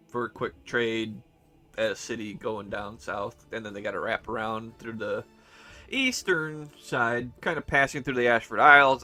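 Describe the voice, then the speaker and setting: A man's voice: medium pitch, pushed and bright. A man recapping his tabletop campaign as game master, rambling and hesitant with many fillers and restarts.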